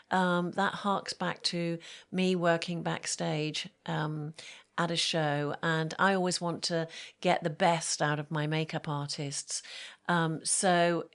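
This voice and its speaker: A woman talks in a fairly low voice, chatting loosely as an interview guest. She tells stories full of fillers and acts out the people in them. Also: fairly bright tone. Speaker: make-up artist guest. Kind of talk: casual interview chat.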